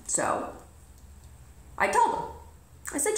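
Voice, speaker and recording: A woman's voice: mid-range voice, animated, a little fast, a bit bright. A woman vlogger telling a personal story in a blunt, emphatic way, swearing freely. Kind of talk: casual storytelling to camera. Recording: roomy echo.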